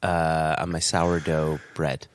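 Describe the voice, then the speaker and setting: A man's voice: a bass voice, level tone, slow pace, a little hiss or hum. A middle-aged man co-hosting a podcast, playful and jokey, swearing freely in casual chat. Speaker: podcast co-host.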